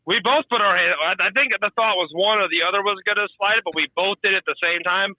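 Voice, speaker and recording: A man's voice: sits high, fast talker, sharp tone, no echo, poor audio. A man in his twenties, a truck driver guest on a podcast, telling rambling stories in casual chat. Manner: storytelling, rambling with restarts.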